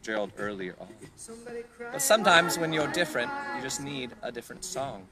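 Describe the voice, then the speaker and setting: A man leading an online music lesson for children outdoors, reading a storybook in a lively, encouraging sing-song voice and guiding a dance. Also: medium pitch, a little fast, a crowd in the background. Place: outdoors in a park. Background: music playing.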